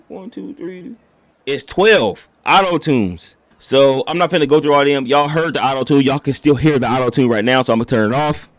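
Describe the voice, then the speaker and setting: A man's voice: medium pitch, fairly bright tone. A man streamer giving a casual, slangy review of his mic straight to his viewers. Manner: laid-back slangy, talks straight to viewers. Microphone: studio XLR mic on the desk.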